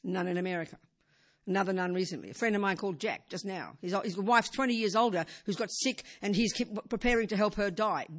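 An older woman gives an informal talk as a Buddhist teacher, speaking conversationally with lots of "you know" and rhetorical questions. Her delivery moves between emphatic and hushed. Her voice sits in the mid range and she talks fast.

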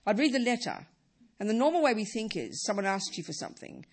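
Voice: mid-range voice, very animated, quick pace, husky. A middle-aged Buddhist teacher giving a dharma talk, emphatic and repeating key phrases.

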